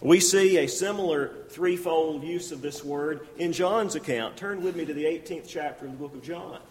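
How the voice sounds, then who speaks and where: Guy preaching a sermon, reads the verses out and does the lines, voice a bit high, big hall echo. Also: normal speed. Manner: expository, reads scripture aloud and acts out the speakers' lines.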